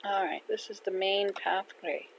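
An older woman from Canada chatting casually to herself while playing a video game, gentle and unhurried. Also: medium pitch, fairly even intonation, background noise. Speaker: gaming channel host. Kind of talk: casual gameplay chat. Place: home in winter.

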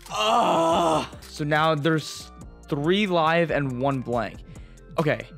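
A man's voice: fairly high pitch, extremely slow, creaky, fairly bright tone, soft background music. A young man giving gameplay commentary, swinging between nervous muttering and frustrated outbursts. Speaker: gaming YouTuber.

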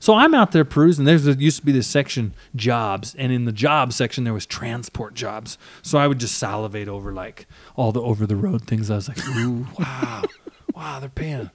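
A man's voice: mid-range voice, brisk, no room sound. A man co-hosting a podcast, telling a story in casual chat and acting out the voices of people he quotes. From Wisconsin. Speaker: podcast co-host.

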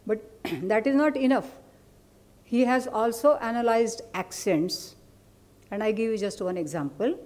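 In an academic lecture, a woman with an Indian English accent and Marathi as her mother tongue teaches in a soft, mellow, fairly high-pitched voice. She explains things patiently, with asides and questions posed to her audience.

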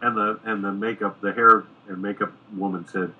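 A middle-aged American screenwriter telling a lively anecdote in a podcast interview, acting out the quoted dialogue. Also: male voice, lowish voice, normal speed, husky, phone-quality sound. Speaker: screenwriter guest. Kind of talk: casual storytelling in a podcast interview.

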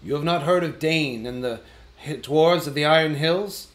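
A man voicing a small, fussy, businesslike male hobbit in an audiobook, prim and a little squeaky. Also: normal speed, natural voice. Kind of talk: audiobook character reading.

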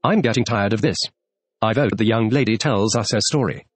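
A man's voice: fairly low pitch, a little fast, slightly rough, no room sound. A man voicing a bored, yawning male hare at a storybook tea party. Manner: yawning, weary.

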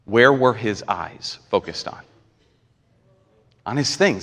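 A man preaching a live sermon as pastor, impassioned and swinging between quiet stretches and near-shouting. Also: on the low side, lively intonation, slow pace, pauses often. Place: church sanctuary. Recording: long reverb of a large church hall.

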